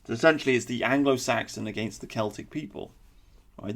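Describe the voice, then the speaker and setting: Guy ranting politics, gravelly, blunt and kinda sarcastic. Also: mid-range voice, normal speed. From England. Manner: blunt, opinionated, sarcastic asides. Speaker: political commentator. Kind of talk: political commentary monologue.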